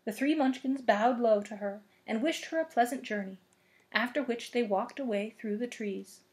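Woman librarian doing a children's read-aloud, gentle and expressive, a touch higher voice. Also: moderate pace.

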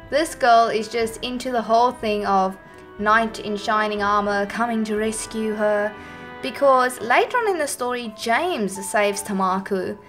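A woman's voice: on the high side, a bit bright. A woman YouTuber talking casually and enthusiastically about her favourite creature designs, with small restarts. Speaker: YouTuber reviewing Pokémon designs. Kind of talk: casual monologue to camera.

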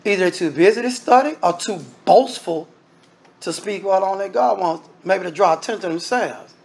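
A high-voiced minister speaks at normal speed, with vocal fry and a breathy edge. Emphatic and repetitive, he peppers his sermon with rhetorical questions and addresses the congregation directly as brethren.

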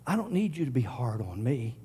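A middle-aged man preaching a sermon, swinging from loud declarations to hushed whispers. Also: medium pitch, sing-song, a little fast, slight background noise. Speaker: pastor.

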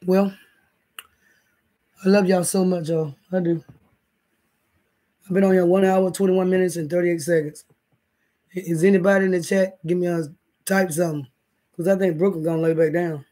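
High-voiced rambling male livestreamer. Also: little pitch movement, normal speed, long pauses, mellow. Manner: rambling, profane, talks straight to the chat. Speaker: livestream host. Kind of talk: casual livestream chat. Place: indoors, in bed.

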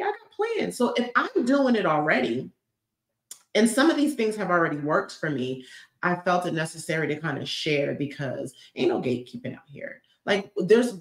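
A woman hosting a motivational live stream, talking in an emphatic, lively and outspoken way. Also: lowish voice. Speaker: livestream host. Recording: roomy echo.

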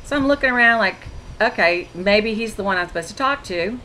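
In a low-quality recording with a bit of background noise, a woman shares faith stories as a casual testimony on her Christian vlog. Her mid-range voice is brisk, bright and forceful, with lively intonation. She chats away, quoting dialogue, acting out exchanges and restarting sentences frequently.

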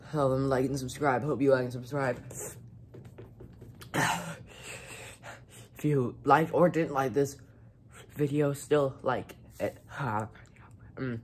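A man doing a comedic spicy food challenge vlog, talking in a halting deadpan way and coughing from the heat. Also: medium pitch, a little hiss or hum. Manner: slow, halting deadpan delivery between coughs. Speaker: vlogger.

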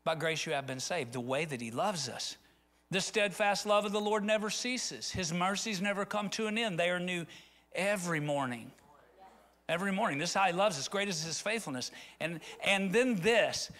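A man's voice: sits high, moderate pace, a bit bright. A middle-aged man from rural Arkansas, preaching a conversational sermon that rises into fervent appeals. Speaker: pastor.

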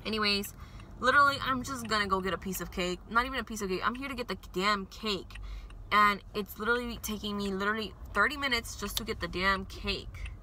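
A woman's voice: mid-range voice, moderate pace, pushed and bright, a little hiss or hum, low-quality recording. A young woman vlogging casually from her car, talking emotionally and rambling, swinging between upbeat and frustrated. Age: young adult. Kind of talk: casual vlog while driving.

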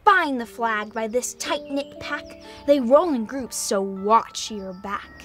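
A woman reads rhyming clues aloud in a kids' dinosaur video. Her high, bright voice takes its time over each line, with a sing-song lilt. Faint music runs behind her. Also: takes it slowly.

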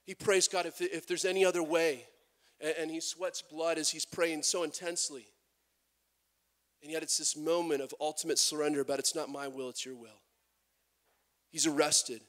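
A man preaching a sermon as pastor, animated, with many restarts and acted-out quotes. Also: a little high, moderate pace, pauses often.

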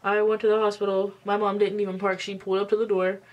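A woman's voice: medium pitch, level tone, quick pace, lo-fi sound. A woman in her twenties telling a story on camera at home while doing her makeup, blunt and emphatic, swearing freely. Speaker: beauty vlogger. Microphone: camera mic.

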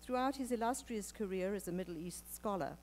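A woman introducing a speaker to an audience, reading from a script in a measured, formal way. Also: mid-range voice, darkish tone, a little hiss or hum. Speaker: event presenter introducing the speaker. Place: lecture hall with live audience.

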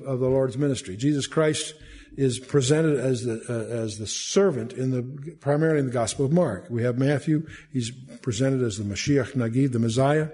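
A man with a medium-pitched, somewhat dark voice leads a verse-by-verse Bible study, reading scripture aloud and then explaining it conversationally, often restarting his sentences.

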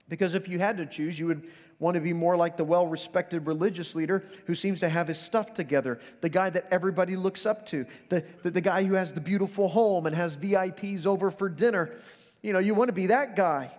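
A man preaching in a church, his voice a little high for a man and trailing off into a long hall reverb. He is earnest, going soft and low when he quotes scripture, then climbing into urgent appeals. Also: brisk. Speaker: pastor. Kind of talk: sermon. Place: church sanctuary.

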